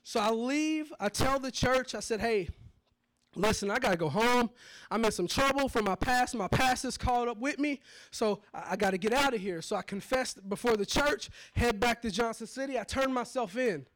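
High-voiced man preaching a dramatic testimony. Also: normal speed. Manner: dramatic storytelling, swings from hushed to shouting. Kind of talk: testimony sermon.

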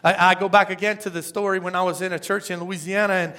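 Middle-aged male pastor, emphatic sermon delivery, tense bright tone, rhetorical questions. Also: sits high, level tone, quick pace. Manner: emphatic preaching, repeats phrases and asks rhetorical questions.

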